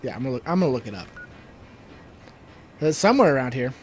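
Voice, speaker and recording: A man's voice: medium pitch, very animated, fast, a little mellow, a little hiss or hum. A young man co-hosting a let's play, joking sarcastically and rambling while he has the hiccups. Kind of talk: casual gameplay banter.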